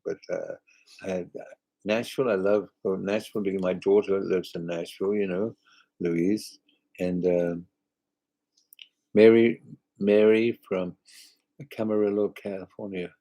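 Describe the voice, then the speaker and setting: An older man in a relaxed live chat, answering fans' comments one by one. His voice sits on the low side, and he talks in halting, rambling bursts studded with "you know" and soft chuckles. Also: low-quality recording. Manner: chuckles often. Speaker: singer hosting a live chat. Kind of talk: casual live chat reading viewer comments.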